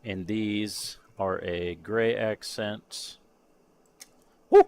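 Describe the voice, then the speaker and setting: Lowish-voiced man muttering over a model kit. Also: a little slow. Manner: muttering to himself, trailing off, chuckling. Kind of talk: casual live-stream chatter while painting a model kit. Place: home workshop.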